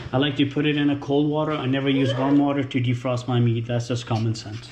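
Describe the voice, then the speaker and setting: A man talks in an easy, informal way, walking through each step in his home kitchen. His voice sits at an ordinary pitch. The room is echoey, with clear household noise behind him. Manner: chatty, informal, explains step by step. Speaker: dog owner and trainer. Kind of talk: casual home cooking vlog. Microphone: camera held by a helper.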